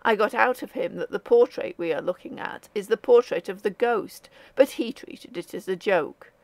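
A woman's voice: medium pitch, normal speed, no echo, lightly acted. A woman voicing an eager, ringing-voiced young artist. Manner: impatient, excited.

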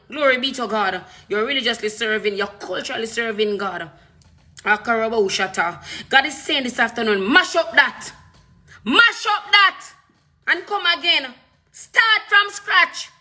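A woman's voice: high-pitched, pushed and bright. A woman preaching a fervent, repetitive sermon with bursts of speaking in tongues.

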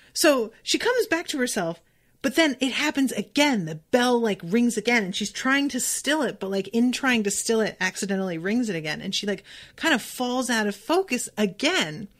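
A young woman hosting a casual book podcast, retelling the chapter in an excitable, swearing way and voicing the characters. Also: a little high. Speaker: podcast host.

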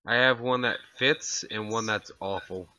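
Bright-voiced man hosting a card game. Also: fairly low pitch, measured pace, no echo. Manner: joking, reads cards aloud. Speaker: game host. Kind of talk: casual gaming chat. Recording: dull lo-fi voice chat.

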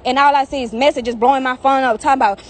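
A woman's voice: high-pitched, steady tone, fast. A young woman on a phone live stream outdoors, ranting heatedly with lots of profanity and repetition. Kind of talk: angry live-stream rant. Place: outdoors in the heat.

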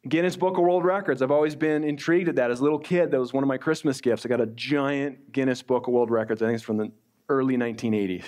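A man's voice: mid-range voice, a little mellow. Middle-aged man preaching conversationally. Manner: conversational preaching, slows down to read scripture. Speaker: pastor. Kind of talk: sermon.

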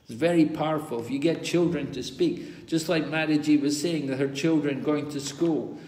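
A man's voice: a little high, moderate pace, darkish tone. A man teaching a scripture study class, explaining patiently, repeating key points and asking rhetorical questions. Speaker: spiritual teacher giving a course class. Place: large hall at a pilgrimage site in India. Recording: reverberant hall sound.

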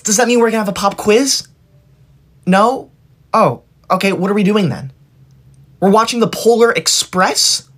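A man's voice: sits high, pushed and bright, full character voice. A man playing a bossy, self-righteous schoolkid, a teacher's pet who lectures others and threatens to tell the teacher. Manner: preachy, whiny, quick to threaten to tell the teacher. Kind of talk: comedy sketch acting.

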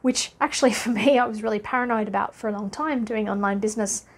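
A woman's voice: mid-range voice, fairly even intonation, fast talker. A woman from Australia with an Australian accent, talking to camera as a business coach in a chatty, upbeat way, laughing often and filling gaps with "uh". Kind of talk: casual talking-head vlog.

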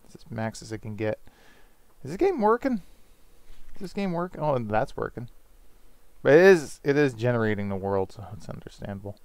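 A man's voice: medium pitch, sing-song, fairly quick, pauses often, darkish tone, dry recording. Man, gaming commentary, headset mic, rambling, swears casually, clean resonant voice, dry close sound. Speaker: gaming channel host. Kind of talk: casual let's play commentary.

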